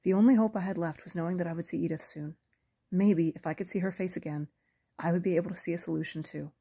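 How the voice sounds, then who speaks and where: Woman narrator, low husky voice, measured audiobook reading. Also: steady tone, mellow. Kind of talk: first-person audiobook narration.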